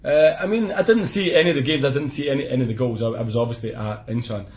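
A Scottish man talks football on a podcast in a loose, chatty way. He laughs easily and states blunt opinions. His voice sits at a middle pitch, and the audio is a little dull and lo-fi. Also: fast. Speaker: podcast co-host. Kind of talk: casual football chat.

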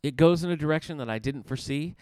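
A man co-hosting a casual podcast, talking in a measured, mildly wry way with frequent fillers. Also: on the high side, darkish tone, no echo. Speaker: podcast co-host, librarian. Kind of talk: casual chat.

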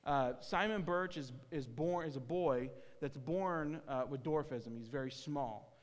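Earnest male preacher, somewhat high voice, recorded with long room reverb. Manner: earnest storytelling with halting restarts. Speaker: pastor. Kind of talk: sermon. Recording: hall reverb.

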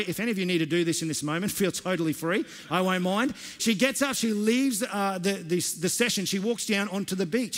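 Guy pastor preaching, kinda high voice, stumbles and restarts a lot, big echoey church hall. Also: a bit bright. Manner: earnest storytelling with frequent restarts. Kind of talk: sermon. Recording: long hall reverb.

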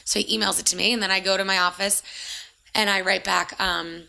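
Gravelly, bright-voiced young woman storyteller. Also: mid-range voice, brisk. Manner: animated storyteller, acts out quotes, says "like" often. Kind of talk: casual chat, storytelling.

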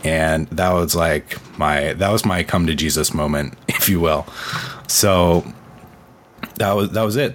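Man, low voice, thirties, earnest, casual storytelling, lots of "like". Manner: earnest, storytelling, many fillers. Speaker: podcast co-host. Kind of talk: personal testimony, casual talk.

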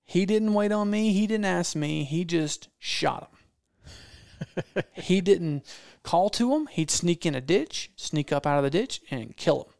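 A man's voice: high voice, animated, unhurried, vocal fry, darkish tone, dry recording, studio quality. A man telling a hunting story in casual talk, acting out quotes and repeating phrases for effect. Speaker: podcast guest storyteller, hunting videographer.

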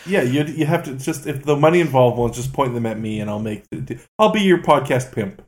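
A man's voice: medium pitch, animated, fairly quick. Jokey man hosting a casual podcast. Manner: jokey, playful. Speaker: podcast host.

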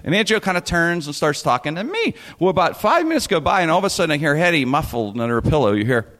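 A man telling a comic story in an animated way, laughing often and tripping over his restarts. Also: a little high, fast, in a large hall.

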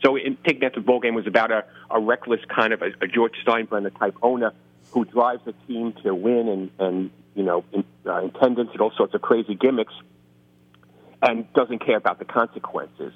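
A middle-aged man with a New York accent, talking in a fairly low voice about his novels as a guest author. He is chatty and self-deprecating and keeps restarting his phrases. The sound comes through a thin, phone-like line. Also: brisk, breathy edge. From New York, the Bronx. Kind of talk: casual interview talk.

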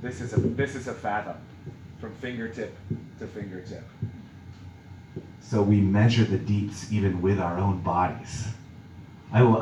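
Deep-voiced pastor preaching in an echoey church. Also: male voice, warm tone, a little hiss or hum. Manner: reflective, musing, with small restarts. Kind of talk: sermon. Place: church sanctuary. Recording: echoey hall from far off.

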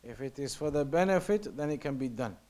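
Fast-talking man teaching a religious class. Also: mid-range voice, lively intonation, warm tone. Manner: repetitive, explanatory, drops to a near-whisper to demonstrate. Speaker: teacher of Islamic law. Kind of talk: class lesson, reading Arabic text and explaining in English.

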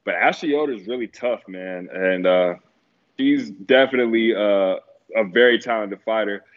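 A man's voice: on the low side, moderate pace, phone-quality sound. A man chatting casually about fights on a podcast, laid-back with lots of fillers and easy laughter. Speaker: guest analyst.

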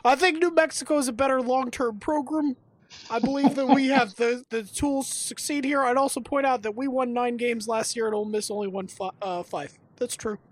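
A woman doing a calm male football coach. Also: a little high, fairly quick, pitched above the performer's own voice, lightly acted, rough recording. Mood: earnest.

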